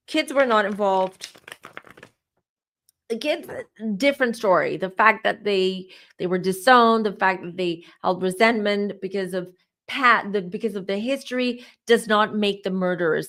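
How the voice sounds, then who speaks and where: This woman's voice is medium-pitched as she gives a relaxed tarot reading for her channel. She's animated, circling back over the same words while working herself up to exclamations.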